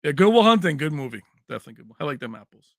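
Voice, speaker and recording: A man's voice: a little high, sing-song, racing, dry recording, clean studio sound. A man hosting a livestream in casual chat. He rambles, laughs often and answers viewers by name. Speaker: livestream host.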